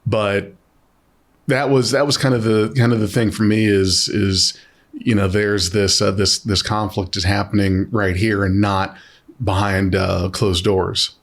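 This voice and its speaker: A man's voice: fairly low pitch, little pitch movement, measured pace. A man co-hosting a podcast in casual chat, talking thoughtfully with many hesitations. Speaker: podcast co-host.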